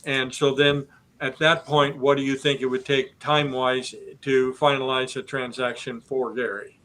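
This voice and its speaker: Steady, flat-voiced man hosting a podcast. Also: mid-range voice, normal speed, slight background noise, rough recording. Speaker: host. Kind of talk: business podcast host.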